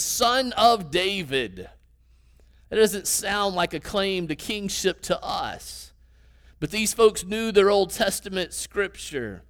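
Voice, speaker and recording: Guy with a pretty high voice preaching, chatty teaching style, asks the room questions. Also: fairly bright tone. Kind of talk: sermon.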